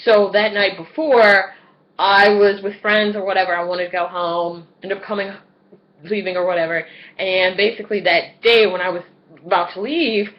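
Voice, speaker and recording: Animated, cussing woman in her twenties. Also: mid-range voice, moderate pace, muffled recording. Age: 20s. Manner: animated, profane, acts out voices and screams. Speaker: vlogger. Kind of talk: casual storytelling vlog.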